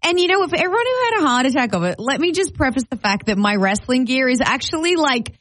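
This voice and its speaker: A woman's voice: sits high, big pitch swings, fast, a bit bright, no echo. A young Australian woman, a wrestler, chatting playfully in an interview and laughing often. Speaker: guest wrestler. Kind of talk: casual interview chat.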